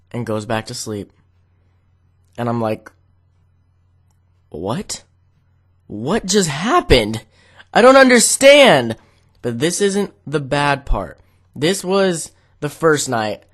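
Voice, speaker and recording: A young man chatting casually to his viewers, meandering through a story and leaning on "like" as filler. He sounds relaxed and easygoing. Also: mid-range voice, unhurried. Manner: rambling, many "like" fillers. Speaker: vlogger.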